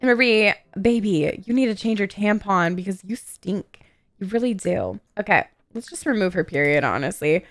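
A woman giving casual gameplay commentary in an excitable, gossipy and profane way. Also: mid-range voice, normal speed, no room sound. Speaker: gaming YouTuber.

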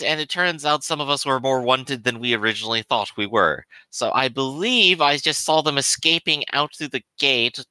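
Bright, smooth-talking tabletop player. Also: male voice, mid-range voice, normal speed, few pauses, no echo, rough recording. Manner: smooth, genteel preacher-like phrasing. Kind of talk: in-character tabletop play.

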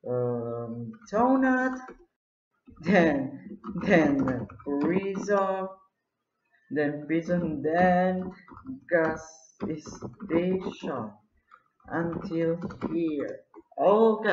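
A gamer giving live gameplay commentary, excitable, full of exclamations and frustrated groans. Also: mid-range voice. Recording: dull lo-fi recording.

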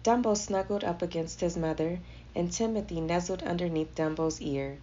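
A woman reading a children's storybook aloud with expressive, gentle storytelling. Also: lowish voice, normal speed. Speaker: storybook reader. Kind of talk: children's read-aloud narration. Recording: slightly dull lo-fi audio with faint noise.

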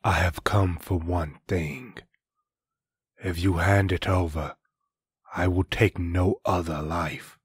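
A man voicing a menacing masked killer in a storybook reading, speaking cold and low. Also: steady tone, slow, breathy edge, no echo, clean studio sound, full character voice.

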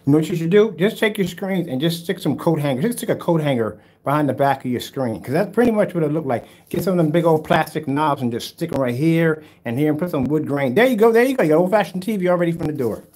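On a relaxed livestream, the host of a DIY projector screen paint channel answers comments from viewers, teasing them brashly with trash talk and fake comfort. His voice is fairly high and a little mellow, animated and fast with few pauses.

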